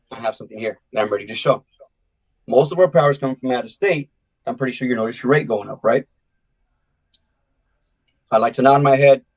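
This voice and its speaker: Energetic man coaching door-to-door sales. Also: mid-range voice, low-quality recording. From California. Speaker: sales trainer. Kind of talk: live online sales training.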